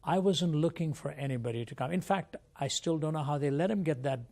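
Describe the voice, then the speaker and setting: Older man from india, gravelly voice, earnest reflective storytelling, interview guest. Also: fairly high pitch, brisk, a little mellow. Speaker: guest speaker. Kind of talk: personal testimony in an interview.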